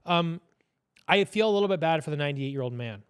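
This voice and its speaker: A man's voice: a little high, expressive, fast talker, smooth. A man speaking as a podcast guest in casual political chat, blunt and opinionated, with some swearing. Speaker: podcast guest, business owner.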